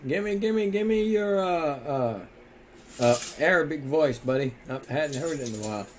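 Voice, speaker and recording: A man co-hosting a casual live stream, easygoing and quick to laugh. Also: fairly high pitch, lively intonation, a little hiss or hum. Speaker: co-host.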